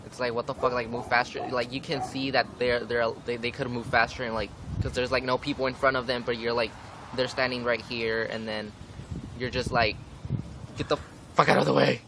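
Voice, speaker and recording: Out on a windy street with traffic in the background, a young man vlogs a rant to camera in a mid-range, level voice at a fairly quick pace. He swears a lot and fills his speech with "like."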